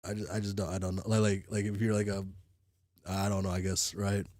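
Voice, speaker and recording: A man's voice: low voice, flat delivery, a little fast, a little mellow, no echo, clean studio sound. A sick man chatting casually while streaming, rambling with restarts and casual swearing. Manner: rambling, full of restarts and fillers. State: sick, coughing. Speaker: streamer reading a webcomic. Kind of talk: casual livestream chat.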